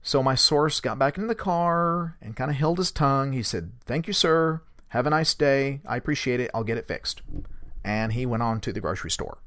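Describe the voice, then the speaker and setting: A man tells a story in a loose, rambling way, with fillers throughout. His voice sits at a middle pitch. The recording is dry and close, with almost no room sound. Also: normal speed, no echo. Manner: relaxed and rambling, with fillers, shifting into animated quoted speech. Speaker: host recounting a source's story. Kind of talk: conversational storytelling.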